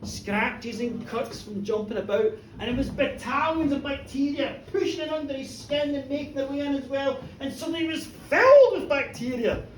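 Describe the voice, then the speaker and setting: A storyteller telling a comic horror tale live to a pub audience, animated and teasing the listeners. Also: high-pitched, normal speed, few pauses, slight background noise. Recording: echoey pub room, distant mic.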